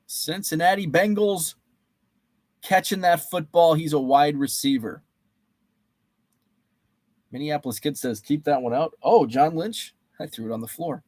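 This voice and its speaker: A man's voice: fairly high pitch, a little slow, pauses often, a little mellow, no room sound. A man hosting a live stream, running a guessing game with trading cards, reading out viewers' names and answers in a chatty, playful way. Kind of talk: casual live-stream chat.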